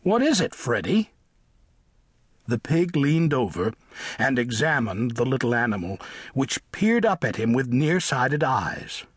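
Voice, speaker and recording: A man narrating a children's audiobook with lively, expressive storytelling. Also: mid-range voice, unhurried, breathy edge, no room sound, clean studio sound. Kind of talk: scripted narration of a children's book.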